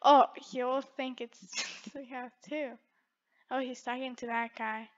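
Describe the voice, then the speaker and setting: A woman's voice: sits high, level tone, unhurried, highs cut off. A woman giving playful, teasing gameplay commentary with frequent giggles. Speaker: gaming video creator.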